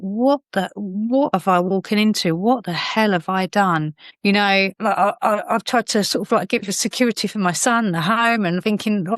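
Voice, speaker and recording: Woman on a podcast pouring out her story, lots of um and you know, mid-pitched voice, dry sound. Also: dry recording. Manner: rambling, many fillers and restarts. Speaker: podcast guest. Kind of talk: emotional personal storytelling.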